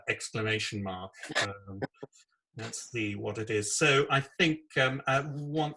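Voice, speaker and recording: A male radio host with a bright, forceful voice. He talks in a halting way, full of "sort of" and "um." His pitch sits in the middle for a man. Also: slightly rough, poor audio. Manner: hesitant, lots of "sort of" fillers. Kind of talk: casual radio chat.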